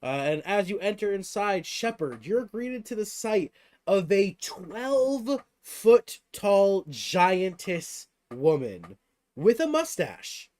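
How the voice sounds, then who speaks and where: A man's voice: sits high, sing-song, slow, darkish tone. A man narrating as game master in a tabletop game, teasing his players and swearing casually.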